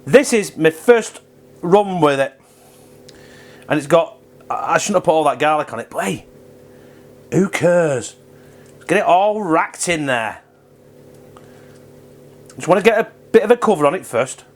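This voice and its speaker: A home cook talking through his recipe in a loose, rambling way, with plenty of swearing. His voice sits a touch high for a man and swings up and down a lot. He sounds relaxed and unscripted. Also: unhurried, pauses often. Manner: chatty, rambling, swears freely. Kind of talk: casual cooking vlog.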